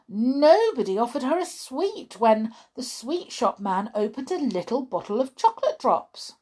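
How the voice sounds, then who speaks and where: Woman storyteller, slow unhurried reading, lively sing-song pitch, somewhat low voice, expressive. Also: husky. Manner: slow, expressive, chatty asides. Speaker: storyteller for children. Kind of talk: reading a children's story aloud.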